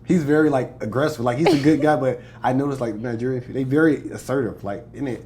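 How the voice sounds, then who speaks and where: A man's voice: mid-range voice, quick pace, a little mellow, slight background noise. A young American man, a comedian, chatting casually in an interview, boastful and joking, laughing often. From United States. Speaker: comedian guest.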